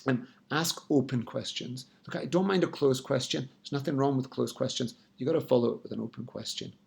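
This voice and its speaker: A man's voice: medium pitch, brisk, gravelly, darkish tone. A man giving direct sales coaching tips in an instructional talk. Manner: coaching, direct, frequent "yeah, right?". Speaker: sales trainer.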